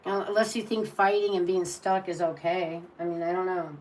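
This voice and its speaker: A woman with a fairly low voice hosts a tarot live stream in loose, casual chat. She talks bluntly and with some exasperation, restarting her sentences often. Faint background noise sits under her voice. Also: steady tone, normal speed, poor audio.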